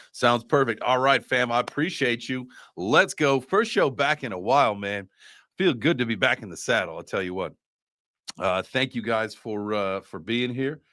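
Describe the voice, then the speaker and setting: A man's voice: mid-range voice, bright, forceful tone, dry recording. A man hosting a live streamed show, talking loose and slangy with plenty of fillers and the odd curse. His nose sounds congested and blocked. The sound is dry and close, with almost no room around the voice. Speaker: livestream host. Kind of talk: casual livestream chat.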